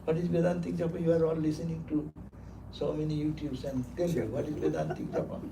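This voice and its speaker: A man's voice: on the high side, fast talker. A man giving a sermon as a monk, speaking emphatically, repeating words for stress and laughing as he tells stories. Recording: roomy hall, distant mic, faint noise.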